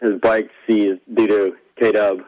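A low male voice, easygoing and measured. He co-hosts and talks through the clips he edited for the show. The delivery is relaxed. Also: dull audio. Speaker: show co-host and producer. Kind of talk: casual chat.

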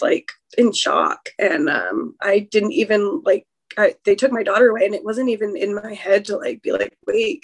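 Young woman guest, rambling personal account, emotional, many fillers and restarts. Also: mid-range voice. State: emotional, recounting trauma. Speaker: guest sharing a birth story. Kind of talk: personal storytelling in an interview.

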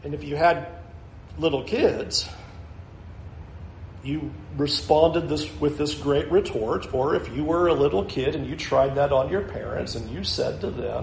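A man's voice: fairly high pitch, lively intonation, a little slow, gravelly, a little mellow, echoey room, a little hiss or hum, poor audio. A male pastor preaching a sermon, earnest and building to emphatic challenges.

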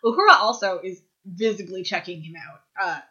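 A woman's voice: mid-range voice, brisk, bright, forceful tone, muffled recording. A woman co-hosting a casual podcast chat, eagerly explaining background details. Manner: enthusiastic, explains trivia in detail. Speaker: podcast co-host.

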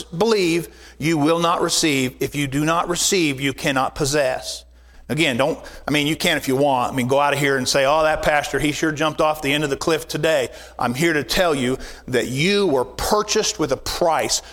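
A man's voice: fairly high pitch, fairly bright tone, big-room sound. A man preaching as pastor, emphatic, repeating key phrases and reading scripture aloud. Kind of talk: sermon. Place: church sanctuary.

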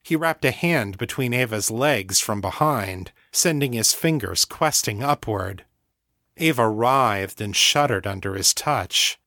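A man reading a novel aloud as narrator, measured and even. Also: mid-range voice, no echo, studio quality. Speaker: audiobook narrator. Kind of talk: scripted narration.

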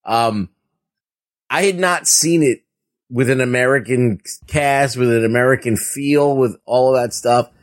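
A man co-hosting a casual movie review podcast, talking in an animated way with lots of fillers and laughter. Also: medium pitch, measured pace. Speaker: podcast co-host.

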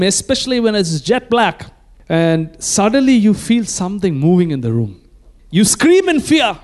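A man's voice: high-pitched, darkish tone. A man preaching a sermon as pastor, emphatic and calling the congregation to repeat phrases after him.

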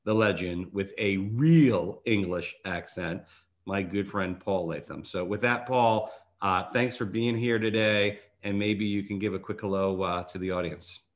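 Brief: man, podcast host, lower pitch, easygoing and jokey, lots of ums. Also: unhurried. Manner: jokey, many fillers and restarts. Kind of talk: casual interview chat.

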